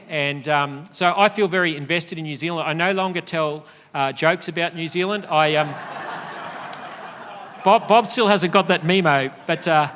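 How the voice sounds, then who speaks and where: Middle-aged Australian man, high and bright, delivering an earnest conference address with lots of ums; big hall reverb. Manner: earnest, emphatic, with frequent fillers. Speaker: speaker. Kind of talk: conference speech.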